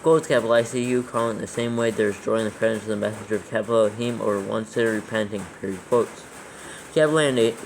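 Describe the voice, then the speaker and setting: A man's voice: lowish voice, a little hiss or hum, poor audio. A man dictating scripture aloud for proofreading, steadily reading the text and naming every comma, capital and quote mark.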